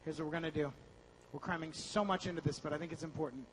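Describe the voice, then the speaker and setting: A man's voice: a little high, fairly even intonation, fast, big-room sound, noisy background. A man leading a motivational seminar, coaching the audience energetically and breaking into song. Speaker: seminar speaker. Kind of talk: motivational seminar with group singing.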